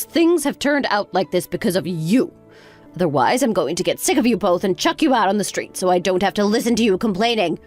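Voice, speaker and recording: Playing a scornful, sharp-tongued older mother-in-law, a woman with a medium-pitched voice speaks sarcastically and scolds. Faint music plays in the background.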